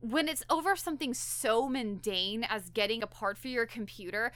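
Bright, animated young woman podcast co-host. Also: a little high, moderate pace. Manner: animated, acts out characters' lines while retelling. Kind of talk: casual chat recapping an episode.

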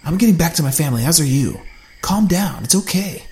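A man's voice: fairly high pitch, animated, fairly quick, darkish tone, pitched above the performer's own voice, lightly acted. A man voicing a determined male survivor who speaks firmly and reassuringly.

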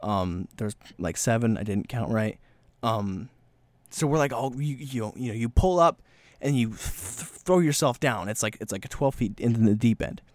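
A man hosting a solo podcast, rambling and self-mocking, slightly breathless, slipping into quick voiced bits. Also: mid-range voice, lively intonation, a little mellow, no room sound. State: slightly breathless from talking fast. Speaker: podcast host.

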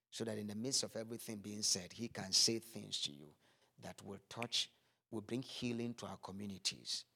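A man's voice: fairly low pitch, vocal fry, pushed and bright. A man preaching a sermon, acting out scripture scenes with vivid voices, then turning earnest.

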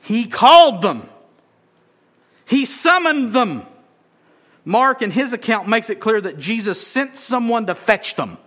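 A man preaching a sermon, acting out crowd voices and swinging from shouts down to whispers. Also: very high-pitched, very animated, a little slow. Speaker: pastor.

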